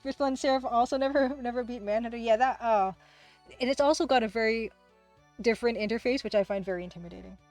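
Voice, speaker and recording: A woman hosting a casual livestream, who talks fast, rambles through chat replies, laughs often and pokes fun at herself. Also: on the high side, darkish tone, soft background music. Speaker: livestream host and game artist.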